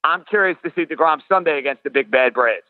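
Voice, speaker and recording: A man calling in as a guest analyst, giving a quick and confident sports rundown. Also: a little high, expressive, no room sound. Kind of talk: casual sports talk. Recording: tinny phone line.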